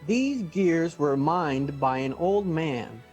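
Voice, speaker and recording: A lonely young poor man, played by a man in a comedy reading. His delivery is hesitant and wavers, and his pitch swings widely. Faint music plays behind him. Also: lively intonation, takes it slowly, darkish tone, muffled recording. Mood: earnest.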